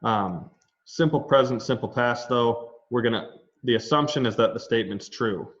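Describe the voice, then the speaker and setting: A man's voice: medium pitch, moderate pace, fairly bright tone. Man teaching Latin in a lo-fi online class. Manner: explanatory, loose and conversational with asides. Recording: dull lo-fi online class audio.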